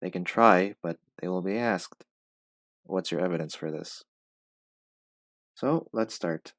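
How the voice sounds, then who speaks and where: A man's voice: sits low, slow pace, a bit bright, dry recording. A man reading a passage aloud as an English pronunciation teacher, stopping to repeat words and explain how to say them.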